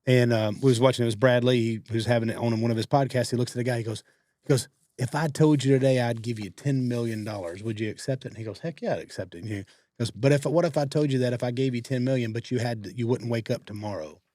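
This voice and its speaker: A man, co-hosting a podcast and telling stories in a casual, animated way, acting out what other people said. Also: medium pitch, no room sound, studio quality. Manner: fast-talking, animated quoting of others. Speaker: podcast co-host. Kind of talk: casual storytelling.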